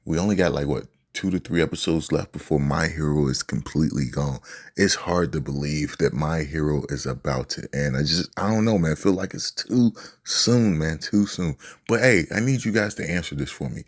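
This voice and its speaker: Very deep husky-voiced man. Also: a little fast. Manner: laid-back slangy talk, says "yo" and "man" often. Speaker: anime reaction channel host. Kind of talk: casual reaction commentary.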